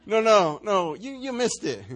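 A preacher who talks fast and high, with his pitch leaping up and down as he works the room. He jokes and acts out the people in his story. His delivery moves between loud bursts and quiet asides. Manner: animated, joking, acts out quotes. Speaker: pastor. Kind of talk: sermon.

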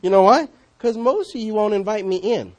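A man preaching a sermon as pastor, conversational and questioning, swinging between loud calls and hushed asides. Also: sits high, animated, normal speed. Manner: conversational, asks the congregation questions.

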